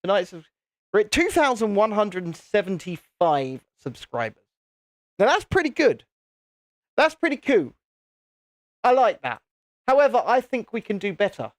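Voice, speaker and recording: A man's voice: high-pitched, very animated, measured pace, pauses often, no echo. British male streamer, chatty and self-mocking, dry sound. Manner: chatty, self-deprecating, talks to viewers. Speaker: live-stream host. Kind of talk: casual live-stream chat.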